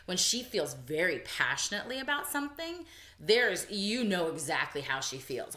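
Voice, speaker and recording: A woman co-hosting a podcast, telling a personal story in casual chat and voicing the people she quotes. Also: moderate pace. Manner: animated storytelling, voices quotes with big pitch jumps. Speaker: podcast co-host. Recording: echoey room, early podcast audio.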